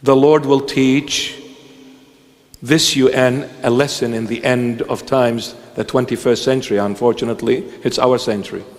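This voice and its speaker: A man's voice: mid-range voice, fairly even intonation, moderate pace, big-room sound. A man preaching a sermon, emphatic and repetitive, firing rhetorical questions at his listeners.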